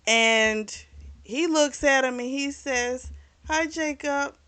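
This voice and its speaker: A woman's voice: high-pitched, slow pace, sharp tone, clean tone. Chatty woman casually recapping a novel. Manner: chatty and informal, retells scenes by briefly acting out the characters' lines; mild swearing, frequent fillers. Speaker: book club host reviewing a novel.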